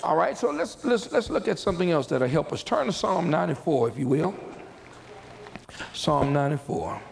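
A man's voice: a little high, big pitch swings, normal speed, vocal fry, a little hiss or hum, low-quality recording. A man preaching a sermon as a pastor, talking conversationally with repeated words and folksy asides to the congregation.

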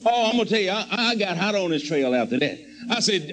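A man's voice: sits high, very animated, fast talker, hardly any pauses, fairly bright tone, rough recording. A man preaching a sermon testimony, telling his story and acting out his own prayers in a pleading, fervent voice.

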